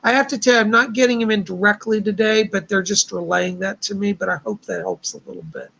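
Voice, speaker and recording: A man's voice: sits high, big pitch swings, quick pace, creaky, bright, forceful tone, husky. A man hosting a live stream of psychic readings, talking in a chatty, reassuring way with a somewhat strained voice. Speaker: psychic host.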